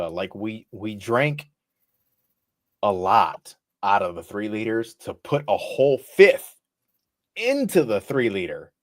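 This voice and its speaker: Profane laid-back man telling party stories. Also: lowish voice. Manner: profane, laughing, acts out quotes loudly. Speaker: podcast co-host. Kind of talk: casual podcast storytelling. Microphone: podcast mic.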